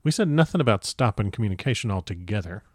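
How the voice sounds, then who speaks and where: A stern elder witch, read by a man, quiet but commanding. The voice is low and the sound dry and close. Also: expressive, quick pace, no room sound. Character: older woman witch, stern coven elder.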